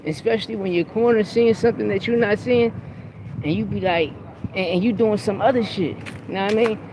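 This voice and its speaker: A man's voice: high voice, a little fast, background noise. A man hosting a podcast, talking about boxing in a blunt, profane, heated way. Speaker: podcast host. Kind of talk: casual opinionated sports talk.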